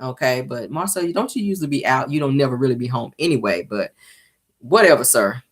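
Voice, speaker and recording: Low-voiced sassy woman recapping a show. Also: lively intonation, brisk. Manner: sassy, talks straight to her viewers. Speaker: reality TV recap vlogger. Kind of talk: casual show recap commentary.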